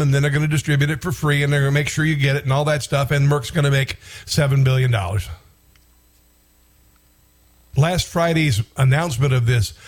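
A man's voice: medium pitch, a little mellow. A man hosting a political talk show, delivering an indignant, rambling commentary monologue with frequent restarts and bursts of outrage.

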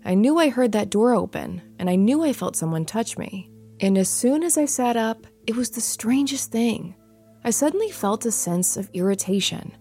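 A woman giving a measured, suspenseful first-person narration of a ghost story. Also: fairly high pitch, animated, warm tone, breathy edge. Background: faint music.

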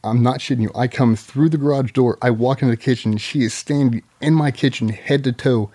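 Guy rambling through crude stories, swearing a lot, normal pitch. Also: fairly even intonation, brisk, mellow. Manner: profane, rambling, laughing anecdotes. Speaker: guest. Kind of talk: casual storytelling.

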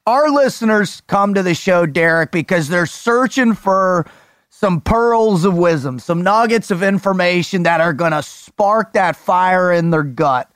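Male podcast host, high voice, fired-up and profane, dry close mic. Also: unhurried, no echo. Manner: energetic, profane storyteller. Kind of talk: casual podcast chat.

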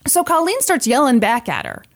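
A woman co-hosting a podcast, casually telling a true crime story with animated delivery and acted-out quotes. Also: high-pitched, a little fast. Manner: animated, acts out quoted voices, laughs often.

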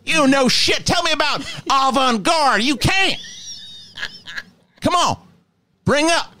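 A man's voice: very high-pitched, expressive, slow, bright, forceful tone, heavily acted. A man voicing Professor Crow, a mean, foul-mouthed woman troll who loves old cinema and rants insults at fans. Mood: ranting. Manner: insulting, ranting, swearing. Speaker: host.

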